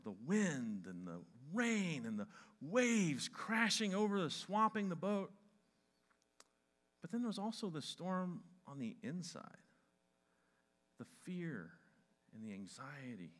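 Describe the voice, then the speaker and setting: A male pastor delivering a sermon to his church. His voice is bright and slightly high, swinging widely in pitch as he acts out scenes from scripture with sudden cries. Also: slow pace, pauses often. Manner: animated, acts out Bible scenes with shouts.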